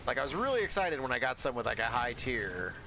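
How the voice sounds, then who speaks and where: A man's voice: mid-range voice, big pitch swings, fast, noisy background. A man chatting casually while playing a game, rambling with many fillers and restarts. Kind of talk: casual chat while gaming.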